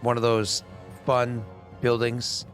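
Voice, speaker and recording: A man's voice: medium pitch, completely flat delivery, takes it slowly, faint music behind. A man narrating as game master in a rambling way, with many fillers.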